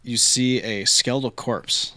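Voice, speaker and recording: A man's voice: mid-range voice, steady tone, a little slow, sharp tone, dry recording. A man narrating as game master, loose and chatty, full of ums and likes, correcting himself as he goes.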